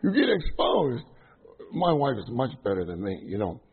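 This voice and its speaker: Through tinny, phone-like audio, a middle-aged man preaches casually to trainees in front of a live audience. His mid-range voice swoops wildly in pitch, has a breathy edge, and moves at normal speed; he's a chatty, self-deprecating minister who keeps using fillers and restarting.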